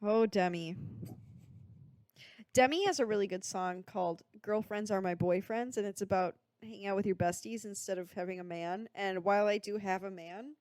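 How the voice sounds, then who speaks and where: A woman's voice: mid-range voice, moderate pace, darkish tone, clean tone, dry recording. A young woman co-hosting a podcast, chatting playfully and enthusiastically about a movie with plenty of joking. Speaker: podcast co-host. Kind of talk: casual chat about a movie.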